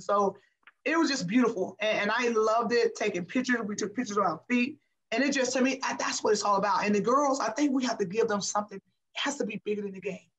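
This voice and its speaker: A woman's voice: mid-range voice, quick pace, poor audio. A middle-aged woman, a former basketball player, talking passionately and emphatically as a guest in an interview. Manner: passionate, emphatic, repeats herself. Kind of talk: casual interview talk.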